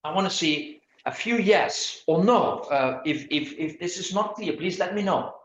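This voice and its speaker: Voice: medium pitch, expressive, normal speed. Hesitant lecturer in an echoey room. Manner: hesitant, many restarts and repeated words; asks the audience questions. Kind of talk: online lecture on academic writing. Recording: echoey, dull lo-fi room sound.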